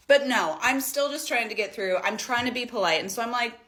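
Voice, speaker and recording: A woman from Northern Michigan telling a story in a casual vlog, exasperated and animated, acting out what others said. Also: on the high side, moderate pace. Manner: exasperated, animated retelling with mimicked quotes.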